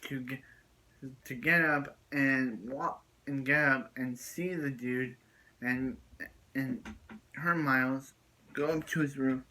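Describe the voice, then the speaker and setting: A man's voice: medium pitch, steady tone, slow pace, long pauses, pushed and bright, low-quality recording. A man giving a casual, rambling spoken recap of a TV episode as a video reviewer, often repeating and restarting his phrases.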